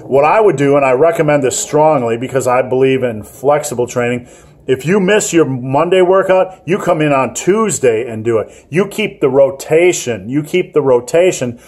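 A man's voice: mid-range voice, animated, moderate pace, a little mellow, breathy edge. A man hosting a fitness vlog, giving gym advice in a joking, rambling, self-mocking way. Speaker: fitness channel host.

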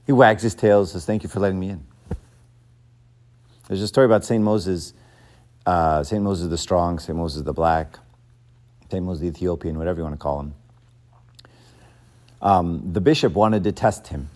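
A man's voice: low-pitched, moderate pace, long pauses, darkish tone. A man giving an informal sermon lesson, conversational and joking, often checking in with his listeners. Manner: conversational, joking, keeps asking "right?". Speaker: church teacher.

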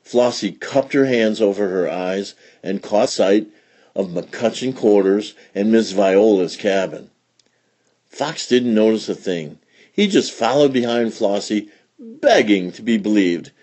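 Husky, slow, very animated male read-aloud storyteller. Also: lowish voice. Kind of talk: expressive children's story reading.

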